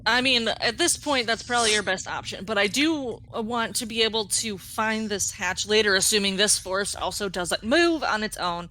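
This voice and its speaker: Woman, tabletop player, bright edgy tone, rambling with fillers. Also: medium pitch, normal speed, few pauses, poor audio. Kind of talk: casual chat at a game table.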